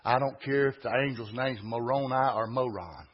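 A man preaching a sermon, folksy and emphatic, building to loud peaks. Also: mid-range voice, normal speed, husky, lo-fi sound.

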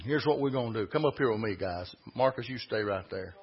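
A man's voice: lowish voice, a little fast, slightly rough. A man preaching a sermon in church, folksy and emphatic, full of rhetorical questions. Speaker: pastor. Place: church sanctuary. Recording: dull lo-fi recording.

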